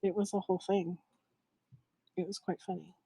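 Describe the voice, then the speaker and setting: A woman's voice: on the low side, normal speed, husky, dry recording. Giggly woman telling a funny story. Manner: animated, giggly, acts out quoted voices. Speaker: live shopping show host. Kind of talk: casual storytelling to a live chat.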